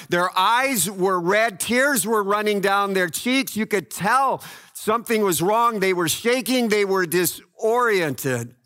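A man preaching a sermon, telling the story dramatically and swinging between loud cries and hushed low lines. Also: no room sound, studio quality. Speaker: pastor.

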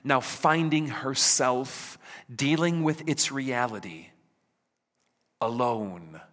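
A man preaching a sermon, asking the listeners rhetorical questions and voicing God's words dramatically, at times sinking to a hush. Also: medium pitch, slow. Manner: rhetorical questions, dramatic voicing of God, drops to hushed near-whispers. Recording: reverberant hall.

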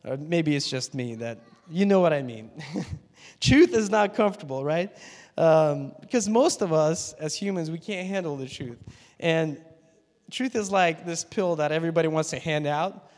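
A man's voice: on the high side, expressive, moderate pace, a little mellow. Man preaching in a reverberant church hall. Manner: conversational preaching with laughs and asides to the congregation. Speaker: pastor. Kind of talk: sermon.

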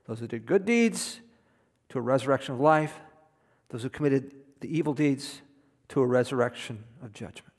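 A man's voice: mid-range voice, expressive, normal speed. Emphatic male pastor in a reverberant hall. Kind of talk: sermon.

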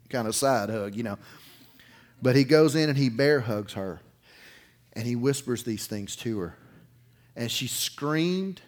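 Folksy preacher man telling a story. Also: medium pitch. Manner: folksy, animated, swings from loud to hushed. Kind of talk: sermon storytelling.

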